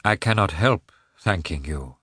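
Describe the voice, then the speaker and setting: A man voicing a humiliated, self-pitying official who speaks in a strained, high, shaky voice. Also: expressive, a little slow, pushed and bright, husky, no echo, studio quality, full character voice. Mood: anguished. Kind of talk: audiobook character voice.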